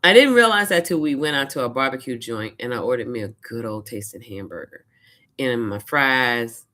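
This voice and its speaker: A woman from Louisiana, her voice unusually deep for a woman. She talks casually to her vlog camera, retelling events with lively quoted asides. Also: moderate pace. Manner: chatty, animated retelling with quoted asides and laughs. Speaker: vlogger. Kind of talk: casual personal storytelling.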